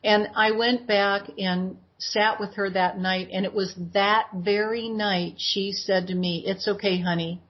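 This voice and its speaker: A woman in her sixties, a guest in an interview, telling her personal story in an animated way and acting out what she said back then. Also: mid-range voice, takes it slowly, few pauses. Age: 60s. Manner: animated retelling that acts out her own past words. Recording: dull lo-fi audio.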